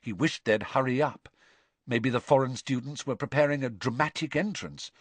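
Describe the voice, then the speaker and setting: A man narrating a storybook audiobook in an expressive, suspense-building way. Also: medium pitch, normal speed, no room sound. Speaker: audiobook reader.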